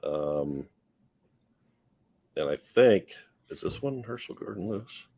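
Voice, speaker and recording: A man's voice: sits low, lively intonation, slow pace, warm tone, slightly rough. A man hosting a casual film-review podcast, rambling and hesitant with fillers. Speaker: podcast host.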